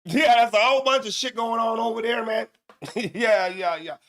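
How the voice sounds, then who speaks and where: A man's voice: extremely high pitch, normal speed, fairly bright tone. A man from Canada hosting a morning talk show, reacting to clips in loose, profane, laughing commentary. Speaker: show host. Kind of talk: casual commentary.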